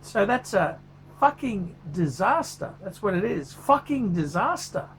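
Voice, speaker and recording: A man's voice: high-pitched, big pitch swings, measured pace, a bit bright, slight background noise, heavily acted. A man voicing a furious, foul-mouthed male watch reviewer who swears constantly in a paid review rant. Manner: swears constantly, ranting, blunt.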